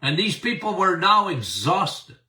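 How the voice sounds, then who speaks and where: A man's voice: high-pitched, very animated, measured pace, sharp tone, far from the mic. An older man, a doctor hosting a podcast, talking casually about health and speaking straight to his listeners in a folksy way. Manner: folksy, addresses listeners directly.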